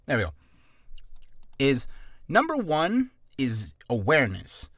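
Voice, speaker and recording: A man giving casual voice-acting warm-up tips in a rambling, self-deprecating way, admitting he talks fast from nerves. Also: medium pitch, huge pitch swings, slightly rough, dry recording, studio quality. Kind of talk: casual vlog tutorial. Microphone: camera on a stand.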